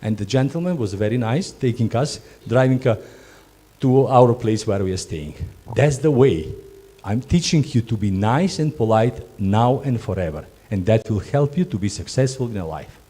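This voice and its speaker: A man's voice: mid-range voice, lively intonation, moderate pace, warm tone, breathy edge. A man training job candidates in hospitality, speaking non-native English in an emphatic way and often repeating and restarting his words. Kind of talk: instructive talk to job candidates.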